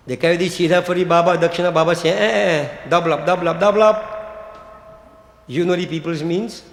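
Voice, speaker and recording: A man who is a Hindu priest, preaching a sermon to devotees and repeating his key words for emphasis. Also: on the high side. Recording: echoey hall.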